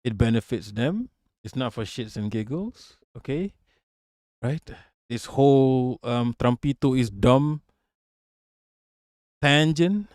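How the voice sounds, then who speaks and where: A man's voice: medium pitch, measured pace, pauses often, darkish tone, no echo, studio quality. A man live-streaming, reacting to a video and his chat in brash, profane casual talk.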